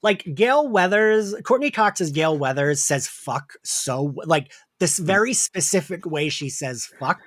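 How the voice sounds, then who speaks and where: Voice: medium pitch, expressive, measured pace, few pauses, fairly bright tone, no echo. Podcast co-host, casual TV review, giggly, lots of filler words, dry close sound. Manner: chatty, giggly, many "like" fillers.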